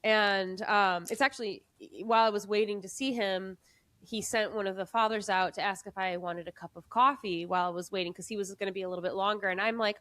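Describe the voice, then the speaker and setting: A woman hosting a podcast, chatting casually and telling an excitable story in quick bursts. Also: mid-range voice, dry recording. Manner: excitable, rapid storytelling with voices. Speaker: podcast host. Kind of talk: casual conversation.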